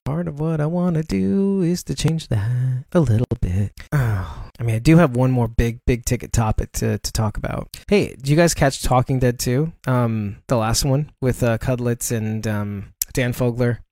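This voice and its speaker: A man's voice: mid-range voice, moderate pace, vocal fry, few pauses, mellow, no room sound, studio quality. A man, hosting a casual livestream show and rambling in a self-mocking way, chuckling often. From Brooklyn, New York. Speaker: podcast host. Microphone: desktop broadcast mic.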